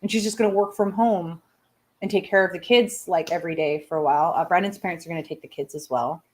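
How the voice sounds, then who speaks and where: A woman in her thirties hosts a relaxed live chat with her viewers. Her voice sits a little low, and she talks in a loose, personal way. She laughs easily and keeps dropping self-deprecating asides. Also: quick pace. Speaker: live show host talking to viewers.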